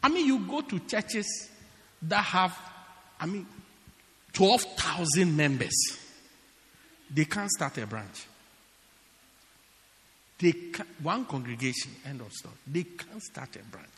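A man preaching a sermon as pastor, emphatic and repetitive, swinging from shouts to hushed words. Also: a little high, big pitch swings, slow, pauses often, long reverb tail. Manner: emphatic, repeats phrases for stress, swings between shouting and hushed tones. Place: church.

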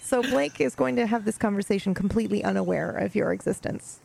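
A woman's voice: medium pitch, fast, gravelly, darkish tone. A woman narrating as game master in a tabletop game, casual and swearing freely. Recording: faint background noise.

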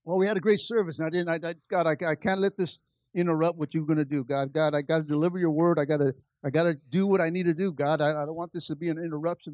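A pastor telling a personal story in a sermon, moving between quiet, confiding asides and loud, lively peaks. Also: male voice, on the high side, no echo, dull audio. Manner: animated, swings from soft asides to loud climaxes.

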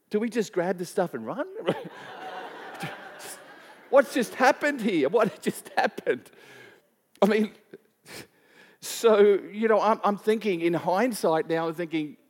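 Pastor preaching in an echoing hall. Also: male voice, high-pitched, a little mellow. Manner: conversational, many restarts, asks the congregation questions. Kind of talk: sermon with storytelling. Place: church hall. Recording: long reverb of a church hall.

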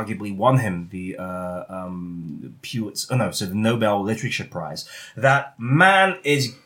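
A man's voice: lowish voice, fairly bright tone. Giggly rambling male podcast host. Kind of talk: casual podcast chat.

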